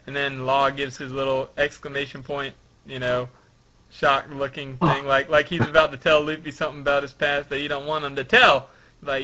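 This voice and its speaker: A man's voice: medium pitch, little pitch movement, moderate pace, bright, forceful tone. A man hosting a casual podcast, reading comic dialogue aloud in a laid-back, chuckling way. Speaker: podcast host. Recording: lo-fi dull audio.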